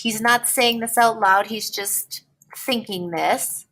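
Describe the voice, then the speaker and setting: A woman teacher walks through a writing lesson at an unhurried, deliberate pace. Her voice sits a little on the high side. She keeps pausing to check in with her students. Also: bright, forceful tone. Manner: slow, patient explaining with frequent "okay?" check-ins.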